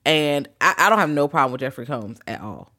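Guy with a higher voice on a podcast, animated, cussing, retelling scenes. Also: fairly quick, noisy background. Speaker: podcast co-host. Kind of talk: casual movie-review chat.

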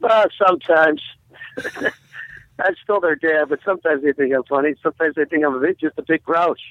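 A man's voice: fairly high pitch, brisk, no room sound. A man, a comedian guest, telling a joke over a phone line and acting out its voices. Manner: animated storyteller who acts out the voices in his joke.

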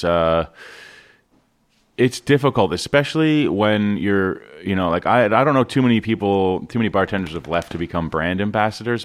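Low pitched guy rambling casually on a cocktail podcast, lots of ums. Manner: relaxed, hesitant, many fillers. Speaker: podcast co-host. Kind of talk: casual chat.

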